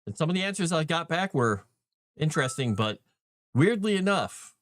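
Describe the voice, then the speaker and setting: A man's voice: on the high side, big pitch swings, normal speed, a bit bright. A man chatting casually on his livestream, rambling with many fillers and restarts as he talks about running tabletop games. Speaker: livestream host and game master.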